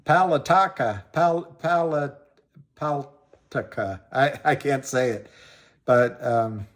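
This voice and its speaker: A man's voice: medium pitch, slow. A man hosting a casual livestream, rambling about money and greeting viewers by name, often trailing off and restarting. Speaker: livestream host.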